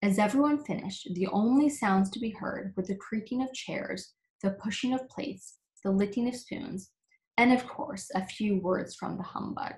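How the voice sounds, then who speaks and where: Woman, storybook reading, expressive narration, echoey room. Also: mid-range voice, moderate pace. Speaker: camp story reader. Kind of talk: reading a children's book aloud.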